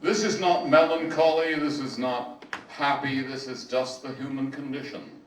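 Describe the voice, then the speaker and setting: An older man giving a slow, digressive, self-deprecating talk about reciting ancient verse, as an amateur classics reciter. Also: mid-range voice, steady tone. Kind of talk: spoken lecture with recitation. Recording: echoey room, mic at a distance, faint hiss.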